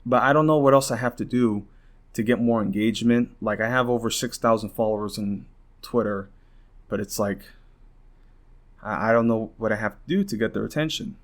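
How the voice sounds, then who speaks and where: A man's voice: on the low side, a little fast. A young man hosting a podcast, venting in a rambling, frustrated rant full of swearing and restarts, worn out and close to tears. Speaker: podcast host.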